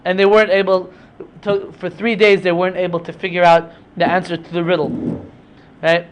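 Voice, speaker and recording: A man's voice: high voice, flat delivery, brisk, slight background noise. A man teaching through a casual retelling of a story, in a chatty way with many asides. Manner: chatty, with frequent fillers and asides.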